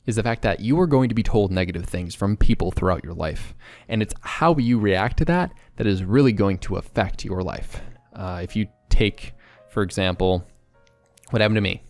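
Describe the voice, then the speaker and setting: A young man talking candidly to camera in a rambling, excitable vlog monologue. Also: on the low side, no room sound, soft background music. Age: young adult. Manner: excitable, rambling, quick bursts. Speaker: vlogger.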